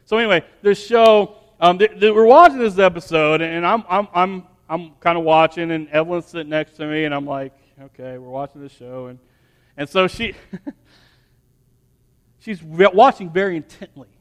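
High-voiced man preaching in an echoing hall. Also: moderate pace. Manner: rambling storytelling with many restarts, building to emphatic preaching. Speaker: pastor. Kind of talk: sermon with personal story.

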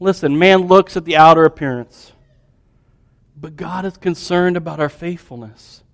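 Animated high-voiced male preacher. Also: normal speed, vocal fry. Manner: animated storytelling preacher, dropping to soft hushed tones. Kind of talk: sermon.

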